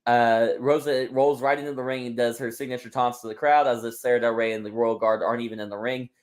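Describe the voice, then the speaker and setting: A man's voice: mid-range voice, flat delivery, fast. A man hosting a wrestling podcast, casually narrating a made-up wrestling storyline with his friends.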